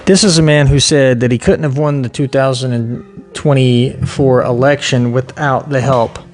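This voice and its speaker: A man hosting an online show, delivering a heated, profane, shouting solo rant. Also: mid-range voice, steady tone, normal speed, soft background music.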